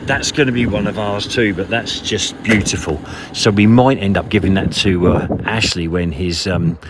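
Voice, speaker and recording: A man's voice: on the low side, normal speed. A man hosting a casual vlog, talking bluntly and jokingly with plenty of swearing. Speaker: vlog host. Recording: outdoor noise, vehicles behind.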